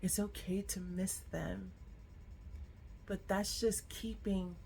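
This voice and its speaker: A woman talking to camera in a personal vlog, earnest and reflective, offering gentle encouragement. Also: mid-range voice, little pitch movement, takes it slowly, gravelly, slight background noise. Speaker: vlogger. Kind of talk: heartfelt personal vlog talk.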